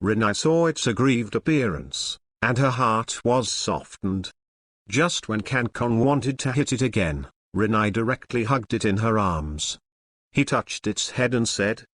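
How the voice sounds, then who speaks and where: A man's voice: lowish voice, lively intonation, unhurried, fairly bright tone, no room sound, studio quality. A man narrating a translated fantasy novel as a storyteller.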